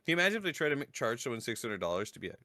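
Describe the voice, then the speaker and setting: A man's voice: medium pitch, big pitch swings, racing, pushed and bright, dry recording, clean studio sound. A man co-hosting a casual podcast, talking in a hesitant, stammering way as he sympathizes and muses. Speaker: podcast co-host.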